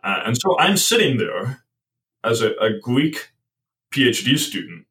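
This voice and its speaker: A man's voice: medium pitch, sing-song, unhurried, sharp tone, recorded from a distance, rough recording. Hesitant, thoughtful man, off-mic. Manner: thoughtful, hesitant, many restarts. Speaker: guest author. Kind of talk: podcast conversation.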